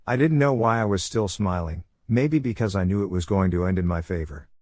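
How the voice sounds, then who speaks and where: Low-voiced man narrating a horror story. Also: fairly quick, darkish tone, no room sound, clean studio sound. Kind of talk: scripted first-person horror narration.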